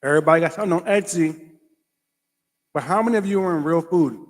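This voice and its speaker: A male host giving casual reaction commentary, reading food labels aloud in an animated, exclamatory way. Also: fairly high pitch, fast talker, long pauses, big-room sound.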